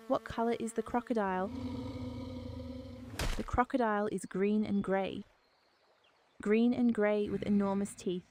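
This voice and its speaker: A woman narrates a scripted animal lesson for toddlers. Her voice sits at a middle pitch, cheerful and sing-song, and she repeats each word slowly so little ones can copy it. A faint hiss runs under the recording. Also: steady tone. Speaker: children's video narrator.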